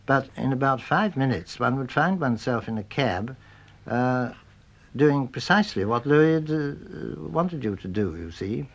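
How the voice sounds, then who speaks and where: Man remembering a friend, thoughtful, pauses and hedges as he talks. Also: medium pitch, expressive. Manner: thoughtful, hedging, with frequent uh and I think. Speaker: friend recalling a colleague. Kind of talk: spoken reminiscence.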